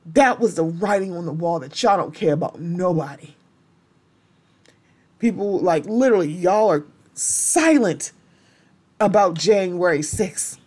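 Impassioned woman hosting a solo podcast. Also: medium pitch. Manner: impassioned and blunt, with strong language. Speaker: podcast host.

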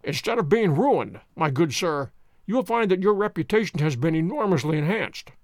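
A man's voice: high voice, expressive, moderate pace, dry recording, studio quality. A man reading a story aloud, voicing a poised, theatrical detective who speaks with precise courtesy. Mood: assured. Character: poised, theatrical male detective, fond of pomp. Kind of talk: audiobook character voice.

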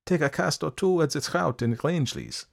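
A man reading aloud and voicing an earnest, persistent older man with gentle concern. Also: fairly high pitch, normal speed, creaky, voice pushed up. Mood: coaxing.

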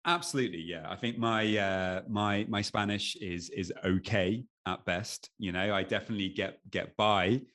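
A man's voice: on the low side, moderate pace, few pauses, fairly bright tone. A middle-aged English man with an English accent, a podcast guest talking casually with many restarts and fillers. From England. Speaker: podcast guest, anxiety coach. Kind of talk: casual conversation.

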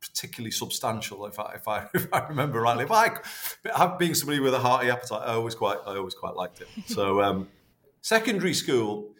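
A man, chatting warmly and rambling as a podcast guest, full of restarts. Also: mid-range voice, very animated, fast. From North West England. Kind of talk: casual interview reminiscing.

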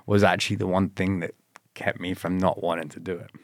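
A man's voice: sits low, level tone, a little fast, dry recording, clean studio sound. A man telling stories in a casual interview, laughing often and swearing as he acts out what others said to him. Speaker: guest.

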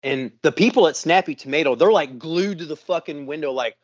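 A man's voice: fairly high pitch, fast talker, hardly any pauses, dry recording. A man telling a story in a casual podcast chat, swearing constantly and acting out what others said. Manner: profane, animated storyteller acting out quotes. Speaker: podcast co-host. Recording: muffled lo-fi dry sound.

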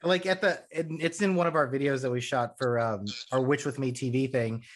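Male podcast host, rambles excitedly and swears freely, mid-range voice. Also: medium pitch, a little fast. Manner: rambling, profane, excitable storytelling. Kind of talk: casual chat.

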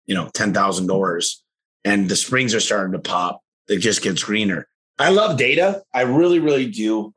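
Upbeat low-voiced businessman telling stories. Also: a bit bright. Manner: enthusiastic storyteller, quick asides. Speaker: guest, garage door company owner. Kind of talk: casual interview talk.

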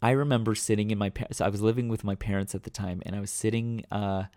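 A man's voice: fairly low pitch, fairly even intonation, quick pace, dark tone, no echo, clean studio sound. A man hosting his own podcast, talking casually off the cuff with many fillers and restarts. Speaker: podcast host. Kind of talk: casual solo podcast talk. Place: home room.

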